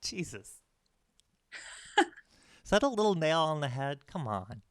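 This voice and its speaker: A woman's voice: low voice, sing-song, a little slow, no echo, clean studio sound. A woman hosting a casual livestream interview, teasing her guest and laughing often. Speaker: host of a monthly composition masterclass.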